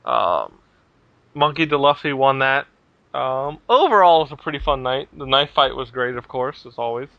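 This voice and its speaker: A man hosting a casual gaming podcast, talking in a relaxed, rambling way with lots of fillers. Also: mid-range voice, normal speed, creaky, no room sound, muffled recording. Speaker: podcast host.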